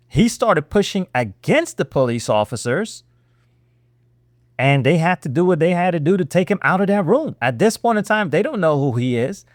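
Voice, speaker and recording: A man hosting political reaction commentary, his fairly high voice swinging up and down as he needles listeners with rhetorical questions. The delivery is sarcastic and animated. The recording is dry and close. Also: dry recording. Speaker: host.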